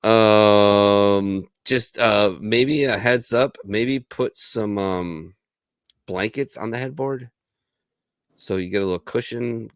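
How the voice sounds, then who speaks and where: A man hosting a casual podcast chat, animated and teasing, with his voice swinging between mumbles and loud exclamations. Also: on the low side, slow pace, clear, resonant tone, no echo, studio quality. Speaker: podcast host.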